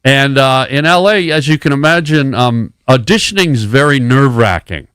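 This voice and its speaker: A man's voice: mid-range voice, lively intonation, moderate pace, fairly bright tone, clean tone, no echo. A man, a comedian and actor, telling silly rambling anecdotes as a guest in a radio studio chat. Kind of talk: casual radio interview storytelling.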